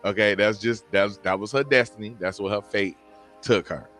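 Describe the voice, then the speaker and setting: A man hosting a casual chat stream, arguing his point in an animated, slangy way. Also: on the low side, normal speed, soft background music. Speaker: stream host.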